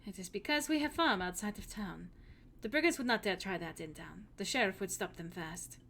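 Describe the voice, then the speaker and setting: Woman doing a polite young farm girl with a put-on German-style accent, formal and a bit stiff, bright tone. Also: mid-range voice, fairly quick, a little hiss or hum, lightly acted. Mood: serious. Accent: attempted German-style accent. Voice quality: stiff formal phrasing, slips on names.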